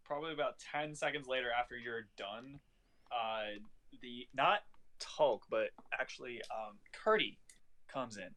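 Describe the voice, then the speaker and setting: Casting note: man, tabletop game master, bright tone, chatty and halting. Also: medium pitch. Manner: loose, chatty narration with many restarts.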